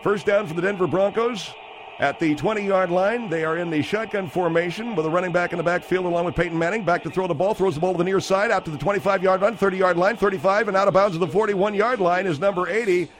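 High-voiced man calling spoof football. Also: quick pace, slight background noise. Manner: excitable play-by-play, rambling asides. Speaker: comic play-by-play announcer. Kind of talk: improvised comedy sportscast.

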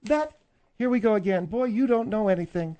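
A woman's voice: mid-range voice, expressive, brisk, mellow. An older woman co-hosting a radio show, bantering in a bossy, teasing way. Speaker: radio co-host.

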